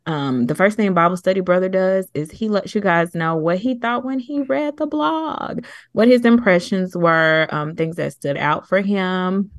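A woman's voice: lowish voice, a little slow, dry recording, clean studio sound. A woman co-hosting a casual podcast, chatty and rambling, a little out of breath at times. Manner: chatty, rambling, laughs easily. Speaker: podcast co-host.

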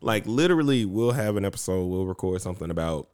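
A man co-hosting a faith podcast in casual chat, animated and acting out quotes. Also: quick pace, clean tone. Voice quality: animated, acts out quotes in high voices. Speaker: podcast co-host. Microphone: podcast mic on a stand.

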